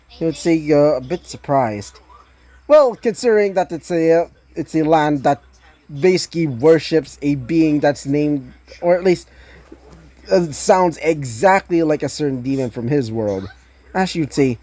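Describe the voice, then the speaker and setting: Woman narrator, fan story, rambling with fillers, low, slow, mellow. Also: expressive. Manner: rambling, many fillers, laughs at own slips. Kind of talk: casual fan-fiction story reading.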